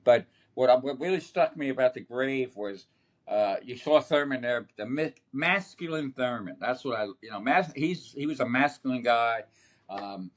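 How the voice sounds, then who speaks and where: Older man, animated sportswriter storyteller. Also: mid-range voice, normal speed. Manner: animated, rambling storytelling with many restarts. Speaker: sportswriter guest. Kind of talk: anecdotal podcast conversation. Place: podcast setup.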